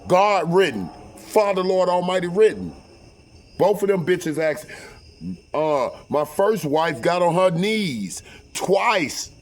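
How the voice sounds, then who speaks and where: Profane, animated man telling a story. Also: high voice, takes it slowly. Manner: profane, animated, acts out quotes loudly; repeats and restarts words. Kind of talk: casual storytelling.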